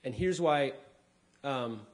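A man, a comedian, speaking casually to a live audience, acting out people's lines with big pitch jumps and dropping low for asides. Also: lively intonation, slow pace. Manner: drops to a quieter, lower voice for asides. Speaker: comedian giving a talk.

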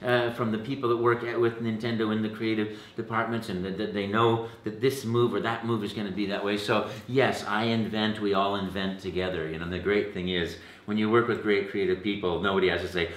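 A man, a voice actor, telling stories in a casual interview, animated and full of restarts, jumping into a high pitch when he acts out quotes. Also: roomy sound. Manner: halting restarts, repeated words. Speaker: voice actor guest.

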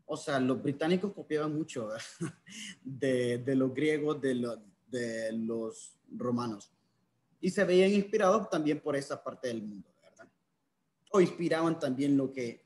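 A man's voice: fairly high pitch, a little mellow, a little hiss or hum. A man teaching a class online, switching between languages and correcting his students' pronunciation. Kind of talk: bilingual class lecture.

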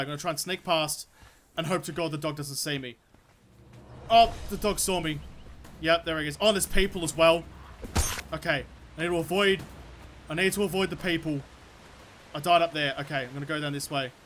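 A young man commenting on his own gameplay as a let's play host, excitable and swearing constantly while talking to the creatures in the game. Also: on the high side, quick pace, a little hiss or hum.

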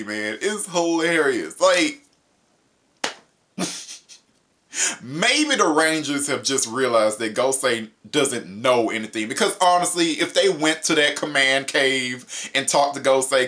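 A young man reviewing an episode in a casual, animated way, laughing often and jumping up in pitch for emphasis. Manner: paraphrases characters in quick mock voices. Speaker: show reviewer.

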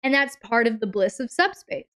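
A woman hosts a live advice stream, her voice smooth and resonant and pitched a little high. She leans hard into key words, stretching them out, and talks directly to her listeners. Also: animated, sharp tone. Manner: emphatic, drawn-out stressed words, addresses listeners directly. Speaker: relationship advice host.

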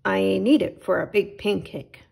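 A woman reading the part of a friendly male miller from a picture book, explaining his work in a slightly raised voice. The tone is slow and gravelly with a husky grain. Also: medium pitch, steady tone, darkish tone, full character voice.

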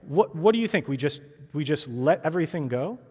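A man's voice: a little high, lively intonation, brisk, warm tone, breathy edge. A male pastor preaching a sermon in a casual, conversational way, acting out the quoted voices. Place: church sanctuary. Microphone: clip-on mic. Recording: long church hall reverb.

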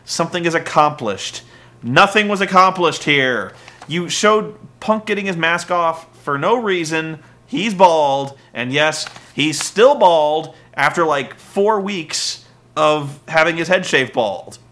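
Man, bright tense voice, a bit high, sarcastic rant, casual comedic recap. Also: lively intonation, takes it slowly. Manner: sarcastic, ranting, mocks wrestlers with silly voices. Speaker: wrestling recap host.

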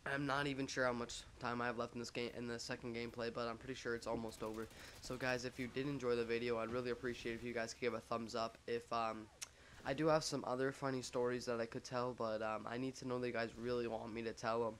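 A man's voice: mid-range voice, flat delivery, quick pace, a bit bright, slight background noise. A young man telling a story casually over gameplay, rambling with lots of fillers and self-mocking jokes.

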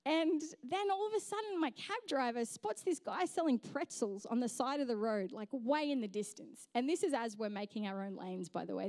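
A woman's voice: a little high, darkish tone, no room sound. A young woman pastor, preaching a sermon and telling a funny story. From Australia. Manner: storytelling, humorous, self-mocking. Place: church stage.

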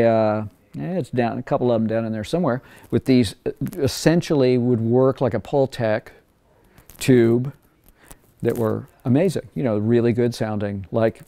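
A record producer talking casually in an interview, rambling through anecdotes and acting out past conversations in a raised voice. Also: male voice, mid-range voice, mellow, no room sound.

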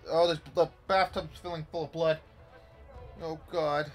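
A young man talks through a horror game, cursing freely and veering between low, nervous mutters and sudden frightened shouts. His voice sits a bit high and his delivery is slow and drawn out. Faint game music plays behind him. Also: steady tone. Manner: swears often, jumps between hushed muttering and panicked yelps. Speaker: gaming YouTuber. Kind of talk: horror game playthrough commentary.

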